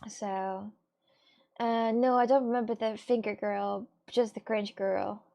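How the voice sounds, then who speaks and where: A woman's voice: medium pitch, steady tone, a little slow, gravelly, dark tone. A young woman streamer chatting casually to her viewers, rambling and giggling often. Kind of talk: casual chat.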